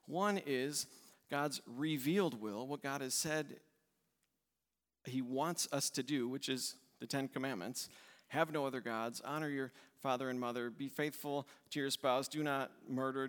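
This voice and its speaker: A man's voice: on the high side, fairly bright tone. A male pastor preaching a sermon with emphatic delivery, repeating key words in lists. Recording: long reverb in a church hall.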